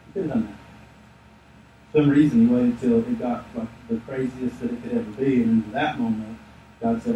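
Joking pastor in an echoey room. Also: male voice, medium pitch, brisk, phone-quality sound, a little hiss or hum. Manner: lively, joking storytelling. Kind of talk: sermon. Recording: echoey room, distant mic.

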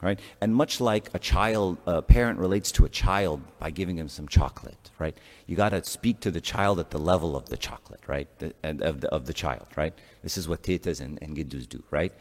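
A priest giving a conversational sermon, asking rhetorical questions and making joking asides. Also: male voice, a bass voice, fairly quick, hardly any pauses. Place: church. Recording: long church reverb.

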